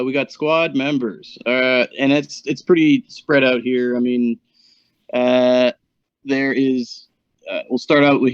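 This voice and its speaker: On a casual gaming show, a co-host delivers the meta report, stumbling through stats with plenty of fillers. He has a medium-pitched voice, and the dull lo-fi mic gives a dry sound with no room echo.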